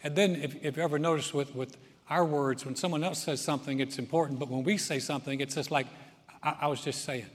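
A preacher with a fairly high, husky voice, telling jokes and stories in a folksy way. His words ring out with the long reverb of a large hall. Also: fairly even intonation, fast talker, hardly any pauses. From Southern United States. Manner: folksy storyteller, repeats words as he restarts. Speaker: pastor. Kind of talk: sermon with humor.

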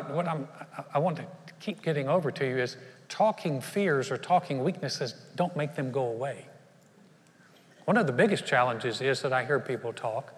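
A male pastor preaching a sermon in an earnest, conversational way, speaking straight to his congregation with questions. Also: mid-range voice. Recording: long reverb of a large church hall.

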